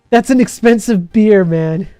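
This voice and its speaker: A man's voice: sits high, mellow, clean tone, no echo. A man, chatting casually on a live stream and reading viewer messages, laughing often, his voice a bit worn from hours of talking. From Canada.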